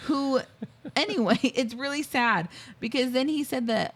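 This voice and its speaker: A woman's voice: high voice, expressive, measured pace. A woman co-hosting a podcast, chatting casually about a film and retelling scenes with a joking tone. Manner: joking, retells scenes with quoted lines and laughter. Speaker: podcast co-host. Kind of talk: casual movie review chat.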